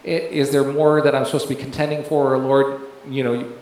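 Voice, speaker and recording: A man's voice: mid-range voice, level tone, fairly quick, darkish tone. Man telling a testimony in an echoey hall. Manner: rambling, full of fillers and restarts, laughs while telling. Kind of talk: sermon testimony. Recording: very echoey room, faint background noise.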